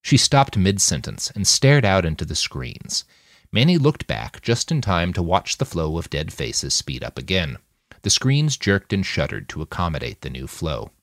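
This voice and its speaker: Low voiced guy reading a novel aloud, swings all over, dry booth sound. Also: normal speed, dry recording. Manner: expressive storytelling. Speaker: narrator. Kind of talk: audiobook narration.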